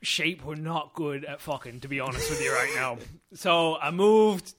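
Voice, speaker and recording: A bawdy, boastful Lancashire gentleman, as a man puts him on in a slightly high, bright, forceful voice. He rambles through crude jokes and keeps breaking into laughter. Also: moderate pace. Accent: Lancashire, put on.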